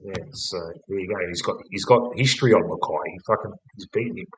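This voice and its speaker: Casual Aussie podcast co-host, young man, lowish voice, loose and profane. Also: quick pace, reverberant, rough recording. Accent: Australian. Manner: swears constantly, laid-back, rambling. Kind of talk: casual footy chat.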